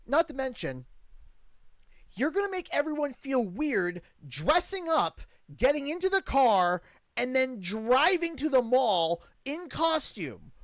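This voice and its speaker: Animated Canadian man telling a rambling story. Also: very high-pitched, no room sound. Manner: animated, rambling with frequent restarts, exasperated. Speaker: streamer and father. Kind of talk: casual livestream storytelling.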